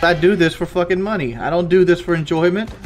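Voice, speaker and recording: A man's voice: high voice, quick pace, faint music behind. A man streaming a game, complaining bitterly and profanely about doing it for money. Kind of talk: ranting live stream.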